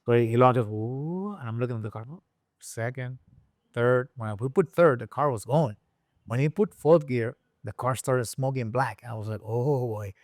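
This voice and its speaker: A man from Rico, a guest and engine builder telling a story in a casual interview, acting out the people he quotes with sudden high voices. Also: moderate pace, no echo, studio quality. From Puerto Rico. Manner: animated storyteller who acts out quoted people with jumps in pitch.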